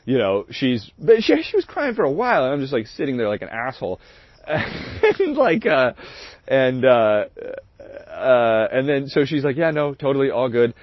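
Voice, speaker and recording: A livestream host with a mid-range voice tells a story at a measured pace, his pitch swinging hugely. He's candid, rambling, and profane, laughing often, and the lo-fi recording sounds dull and dry.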